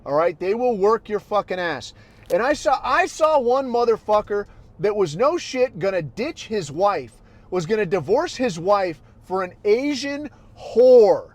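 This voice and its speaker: High-pitched man ranting crudely. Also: very animated, a little slow, no echo. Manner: crude, heated and blunt, swinging from low muttering to loud outbursts. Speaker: podcast host. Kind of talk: profane ranting monologue.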